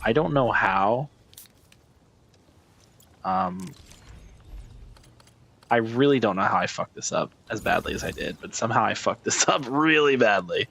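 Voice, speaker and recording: A man's voice: medium pitch, very animated, a little slow, gravelly, pauses often, a bit bright, breathy edge. A man giving casual gameplay commentary, muttering, swearing and calling himself an idiot as he works. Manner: self-deprecating, swearing, frustrated muttering. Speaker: gaming streamer.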